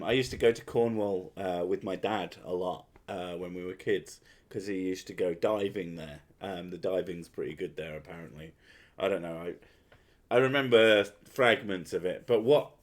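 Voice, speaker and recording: A man's voice: lowish voice, a bit bright. Crude, laughing British man streamer. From North Wales. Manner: crude, joking, laughs often. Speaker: streamer host. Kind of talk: casual live-stream chat.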